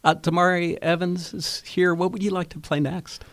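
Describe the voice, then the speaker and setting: A man hosting a radio interview, rambling and halting, with many restarts and fillers. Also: sits high, level tone, fairly bright tone, no echo. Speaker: radio host.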